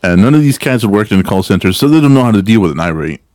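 A man co-hosting a casual podcast, telling call-center stories and jumping into high, hyped voices when he quotes callers. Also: expressive, very fast, darkish tone, no echo, clean studio sound. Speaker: podcast co-host. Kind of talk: casual storytelling chat.

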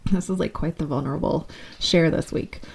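A woman in her thirties hosts her own podcast on her own, speaking openly and warmly to her listeners. Her voice is mellow and dark in tone, with a gravelly fry running through it. She sits a little lower in pitch than most women. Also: moderate pace. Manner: candid, affectionate, talks straight to listeners. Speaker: podcast host. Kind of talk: solo podcast monologue.

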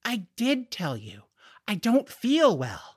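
A man reading an audiobook, voicing an excited, pleading twelve-year-old boy in a raised voice. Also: slow pace, slightly rough, no room sound, clean studio sound, heavily acted. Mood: eager. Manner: eager, pleading, high-pitched. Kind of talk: audiobook character voice.

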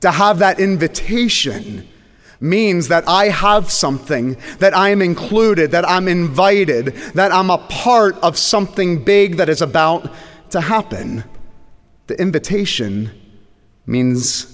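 A man preaching a sermon as pastor, slowing down and dropping low and quiet on key words for emphasis. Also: expressive, in a large hall.

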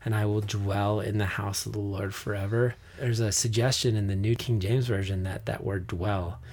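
Earnest low-voiced man talking scripture. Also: fairly even intonation, normal speed, a little mellow. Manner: earnest, emotional, many restarts and ums. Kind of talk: casual devotional talk, reading scripture.

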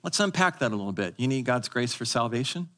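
In a live church sermon, a male pastor speaks in an expressive, mid-range, fairly bright voice. He drives his teaching home emphatically, prompts the congregation to repeat after him, and shifts between fast asides and slow stressed lines.

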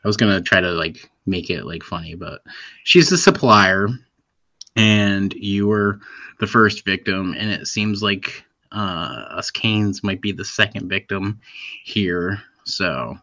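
Male co-host, bright tone, dry muffled recording, playful. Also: deep voice, slow, no room sound. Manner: joking, laughs often. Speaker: podcast co-host. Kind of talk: casual chat. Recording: dull lo-fi sound.

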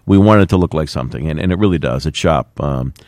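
Middle-aged man, low voice, folksy plainspoken mayor, dry sound. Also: fast, a little mellow, no echo. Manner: folksy, plainspoken, many fillers. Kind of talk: radio interview talk.

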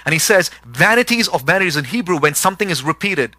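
A middle-aged male pastor delivering a sermon in a bright, forceful, slightly high voice. He repeats words for emphasis and climbs to an emphatic intensity. The sound is close and dry, with no room around it. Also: lively intonation, fast talker, hardly any pauses, dry recording. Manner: builds to emphatic rising intensity.

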